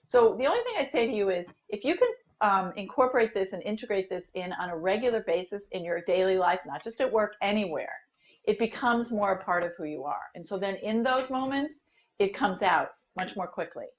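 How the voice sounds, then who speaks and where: A woman running a workshop as trainer, explaining ideas to a group in an animated, conversational way. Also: mid-range voice, a little fast, rough recording. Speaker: diversity trainer. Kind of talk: workshop facilitation.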